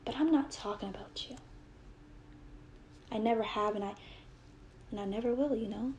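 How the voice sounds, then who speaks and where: A woman's voice: on the high side, normal speed, darkish tone, slight background noise. A young adult woman telling a personal story with earnest, heated retelling and quoted dialogue.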